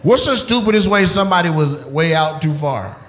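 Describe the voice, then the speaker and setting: A man doing crowd work on stage, loud and animated, acting out voices as he riffs with the audience. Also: fairly high pitch, fairly quick. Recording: echoey venue with loud ambience.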